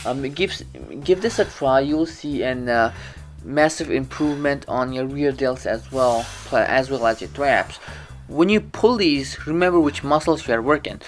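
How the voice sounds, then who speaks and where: Man, fitness vlogger, casual gym instruction, stumbles and restarts, medium-pitched voice, faint music behind. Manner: rambling, many restarts and self-corrections.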